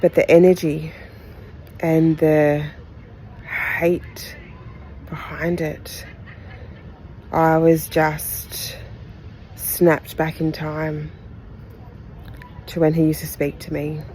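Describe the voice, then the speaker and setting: A woman from Australia hosting a podcast, giving a candid, heartfelt retelling of a personal story in halting phrases with pauses. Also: sits low, level tone, warm tone, slight background noise, low-quality recording. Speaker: podcast host.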